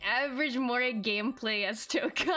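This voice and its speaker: A woman's voice: on the high side, moderate pace, over music. A woman giving casual, playful gameplay commentary, laughing often and swearing casually. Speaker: let's play streamer.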